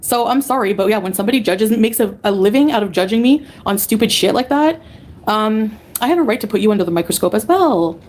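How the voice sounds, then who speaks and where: A woman's voice: medium pitch, animated, fast talker, a little mellow. A woman livestreamer ranting angrily at her chat, profane and dismissive.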